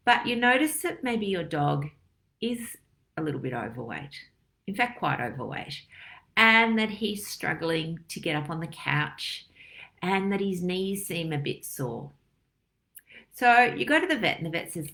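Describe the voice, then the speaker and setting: Chatty middle-aged woman doctor, low voice. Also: a little slow. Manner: lively, chatty, acts out little dialogues and analogies. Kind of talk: casual health talk to camera.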